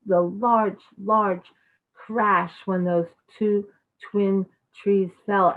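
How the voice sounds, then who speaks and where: A woman telling a devotional story in an animated, chatty way, full of fillers, over a video call. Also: mid-range voice. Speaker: devotional speaker. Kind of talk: storytelling talk. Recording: tinny phone-like call audio.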